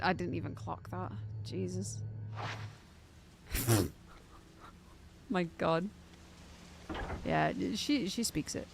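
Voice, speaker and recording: A young British woman chatting casually on a game live stream, animated and incredulous, laughing often. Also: lowish voice, gravelly, slight background noise.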